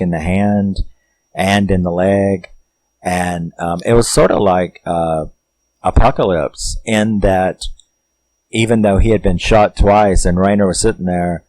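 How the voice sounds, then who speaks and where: A man's voice: sits low, a little mellow, rough recording. A man, rambling profanely through a casual film plot recap with many fillers. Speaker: film reviewer.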